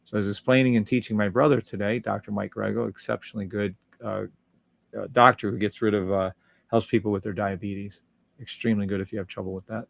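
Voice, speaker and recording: A man with a low, gravelly voice hosts a live trading stream, talking casually and upbeat while he walks through charts. He hums and scats little tunes between points and reads out viewer comments. The sound is dry and close, with no room echo. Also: steady tone, fast.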